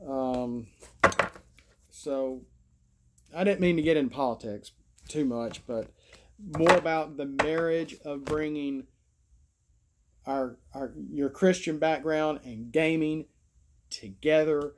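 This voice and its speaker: Folksy Alabama man, vlogger, meandering self-deprecating monologue, a touch high-pitched. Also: slow pace, long pauses, very noisy. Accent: Alabama Southern. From Southern US. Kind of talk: rambling casual monologue.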